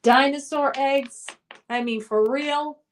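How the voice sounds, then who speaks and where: Slow-talking, high-voiced woman streamer. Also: steady tone, slight background noise. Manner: chatty, reads chat names aloud, sing-song at times. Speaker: streamer hosting a trivia quiz. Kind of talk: casual live-stream chat reading questions.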